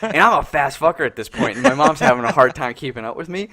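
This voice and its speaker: A young man co-hosting a casual podcast chat, telling stories with lots of fillers, swearing and animated quoted voices. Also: on the high side, quick pace, creaky. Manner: animated, swearing, lots of "like" and "you know what I mean". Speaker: podcast co-host.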